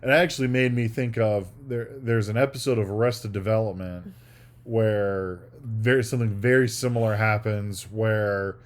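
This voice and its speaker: A man's voice: lowish voice, steady tone, normal speed. A man co-hosting a podcast in casual chat, rambling and acting out scenes he describes. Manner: rambling, acts out quoted scenes. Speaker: podcast co-host.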